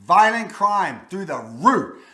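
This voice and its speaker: A man's voice: sits high, sing-song, slow, pushed and bright. A man in his forties with a Baltimore accent, hosting a blunt, folksy countdown of places to live. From Maryland. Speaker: real estate video host. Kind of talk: casual countdown commentary. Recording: echoey room.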